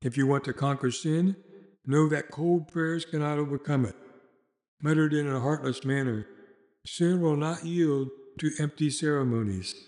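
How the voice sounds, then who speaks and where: A man's voice: on the high side, moderate pace, darkish tone. A man reading a sermon aloud as a preacher, in an earnest, exhorting manner.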